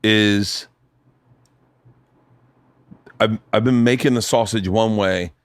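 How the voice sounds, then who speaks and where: Animated, profane man hosting a podcast. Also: normal speed, no echo. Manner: profane, animated storytelling, pitch rising when worked up. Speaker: podcast host. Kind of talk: casual chat. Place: home studio.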